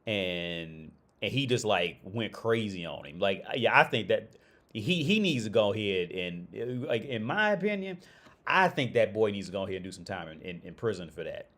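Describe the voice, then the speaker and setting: A man chats loosely to his stream audience, stumbling over his words and restarting his sentences. He swears freely and keeps breaking into laughter. His pitch swings a lot, rising high when he gets worked up. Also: sing-song, normal speed, a bit bright. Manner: rambling, profane, laughs often, many restarts. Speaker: livestream host. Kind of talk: casual livestream chat.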